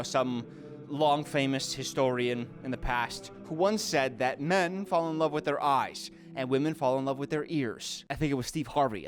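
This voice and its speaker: A man's voice: a little high, clear, resonant tone. A man hosting a video, giving jokey, sarcastic commentary. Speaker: video host. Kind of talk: comedic commentary.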